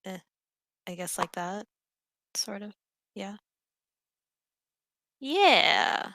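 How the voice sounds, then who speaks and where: A young woman playing a tabletop game, thinking aloud with many fillers and quick apologies. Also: medium pitch, flat delivery, slight background noise. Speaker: player. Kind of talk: casual tabletop game chat.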